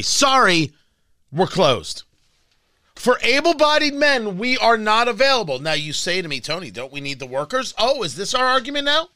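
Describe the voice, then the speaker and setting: A man's voice: high voice, sharp tone, dry recording, studio quality. A man hosting a political talk radio show, delivering a combative, sarcastic monologue with emphatic swings.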